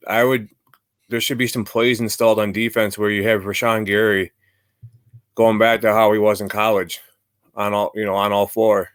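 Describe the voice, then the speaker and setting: A man hosts a sports podcast in a relaxed, conversational way. His voice is low and smooth, and it sounds close and dry, with no room around it. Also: no room sound. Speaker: podcast host. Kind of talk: casual sports chat.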